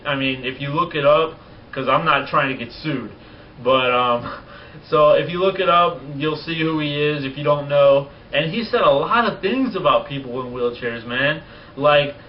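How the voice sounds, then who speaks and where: A man in his twenties talking casually on a vlog, blunt and profane, rants that get animated. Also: fairly high pitch. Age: 20s. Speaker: vlogger. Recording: distant lo-fi mic with faint noise.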